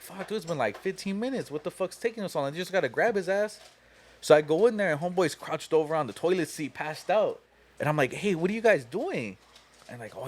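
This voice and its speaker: A young man hosts a podcast and tells a rowdy story in a casual, profane way. His pitch swings widely and sits a little high for a man. He talks loosely and laughs through the funny parts. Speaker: podcast host.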